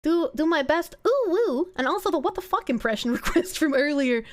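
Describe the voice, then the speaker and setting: Woman streamer, high and bouncy voice that jumps around a lot, swears and giggles while reading chat. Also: lively intonation, fairly quick. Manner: giggly, swings into high squeals and low mumbles; profane, rambling, reacting to chat. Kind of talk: casual live-stream chat.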